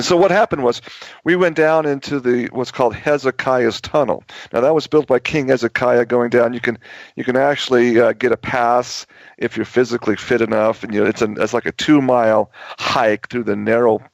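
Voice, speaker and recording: A man's voice: mid-range voice, steady tone, moderate pace, gravelly, no room sound. A man hosting a talk show, telling a long story in a rambling way with many restarts and repeated words. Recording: dull lo-fi audio.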